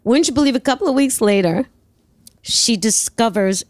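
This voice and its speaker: Lively New woman telling stories. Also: fairly high pitch, moderate pace, dry recording. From New York. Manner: animated, lively storyteller who acts out dialogue. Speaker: actress guest. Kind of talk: interview storytelling.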